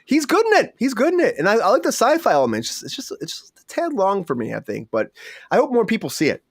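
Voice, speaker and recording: A man's voice: sits high, huge pitch swings, quick pace, vocal fry, breathy edge, no room sound, studio quality. A man hosting a comedy entertainment news show, loose and jokey, bantering with his panel. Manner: loose, jokey, mimics actors in goofy voices. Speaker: host.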